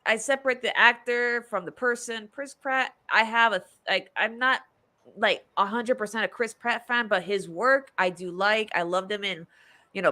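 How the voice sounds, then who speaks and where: Bright-voiced woman chatting about a movie. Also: on the high side. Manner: chatty, rambling, laughs often. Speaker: podcast host. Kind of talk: casual movie review chat.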